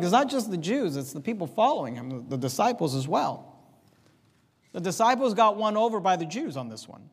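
A man preaching a sermon with passion, dropping into low asides and rising to loud emphasis, often repeating words as he presses a point. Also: in a large hall. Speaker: pastor.

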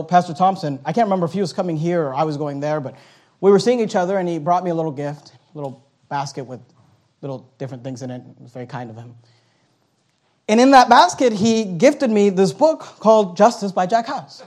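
A man in his thirties preaching a sermon as a pastor, swinging between forceful scripture reading and quiet asides. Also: high-pitched, lively intonation, fast talker. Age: 30s.

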